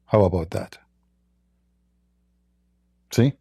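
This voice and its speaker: A man hosting a livestream debate, talking casually in a slow, halting, mocking way. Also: mid-range voice, gravelly, dark tone, no echo.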